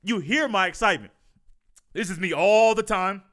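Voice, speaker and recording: Man, podcast host, high pitch, bright tone, smooth clear voice, fast and goofy. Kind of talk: animated podcast monologue.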